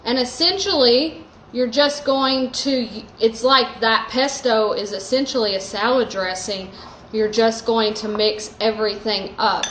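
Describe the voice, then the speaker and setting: Slow-talking woman cooking at home. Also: fairly high pitch, fairly bright tone, roomy sound, slight background noise, low-quality recording. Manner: chatty, lots of likes and ums. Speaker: host. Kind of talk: casual cooking demo. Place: home kitchen. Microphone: phone live stream.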